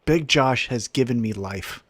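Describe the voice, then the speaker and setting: A man's voice: medium pitch, unhurried, dry recording. A man co-hosting a podcast in casual chat, enthusiastically recapping events. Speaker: podcast co-host.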